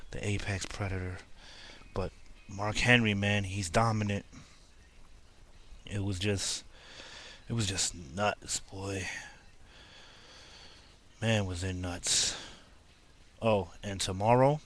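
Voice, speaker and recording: A man's voice: on the low side, a bit bright. A young man casually reviewing a wrestling show for his video channel, rambling with lots of fillers. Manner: rambling, laid-back, filler-heavy. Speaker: wrestling vlogger.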